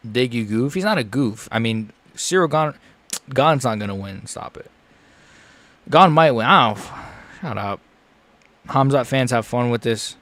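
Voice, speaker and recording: A young man reacting live to a fight he is watching, frustrated and ranting, dropping to mutters and rising to yells. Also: medium pitch, lively intonation, unhurried, long pauses, no room sound. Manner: frustrated, swings between muttering and yelling.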